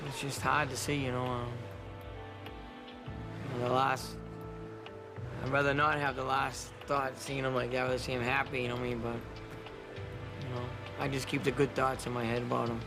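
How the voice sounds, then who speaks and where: A man's voice: medium pitch, level tone, moderate pace, pauses often. A man casually recounting a story in an interview, rambling and laughing between restarts. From Massachusetts. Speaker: retired boxer interviewed. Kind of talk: casual recollection. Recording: interview with music behind.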